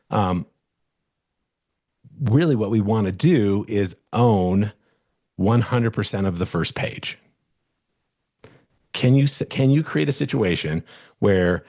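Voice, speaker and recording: A man's voice: lowish voice, darkish tone. A middle-aged man who is a real estate agent, teaching a webinar in a casual, rambling way with many restarts and fillers.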